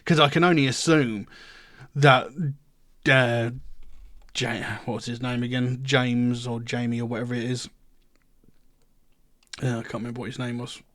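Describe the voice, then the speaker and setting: A man's voice: mid-range voice, steady tone, unhurried, long pauses, a bit bright. A middle-aged man hosting a music reaction, talking in a rambling way and leaning on "you know" fillers. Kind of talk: casual reaction commentary.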